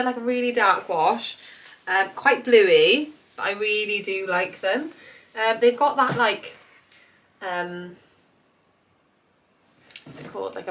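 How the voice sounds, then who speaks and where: A British woman in her thirties, slightly hoarse while getting over an illness, rambling enthusiastically through a clothing haul with lots of fillers. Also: medium pitch, sharp tone, a little hiss or hum, low-quality recording. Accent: British English. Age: 30s. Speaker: fashion vlogger. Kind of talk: casual try-on haul chat.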